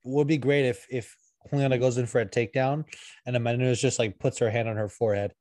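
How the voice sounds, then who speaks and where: A man's voice: medium pitch, steady tone, quick pace, a little mellow, no echo, clean studio sound. A young man co-hosting a podcast, chatting casually and profanely about fights with lots of filler words. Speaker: podcast co-host.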